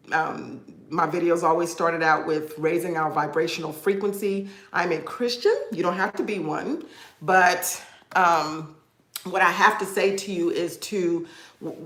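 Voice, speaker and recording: Encouraging woman in an echoey room. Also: fairly low pitch. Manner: warm, encouraging, addresses viewers as "y'all". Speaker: credit repair coach hosting a live session. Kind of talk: live-stream motivational talk. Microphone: video call.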